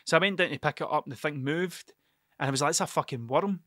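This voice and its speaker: A man's voice: fairly high pitch, fast, pushed and bright, no room sound, clean studio sound. A young man hosting a solo podcast, telling stories in a rambling, sweary, self-interrupting way. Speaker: podcast host. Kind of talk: casual solo podcast storytelling.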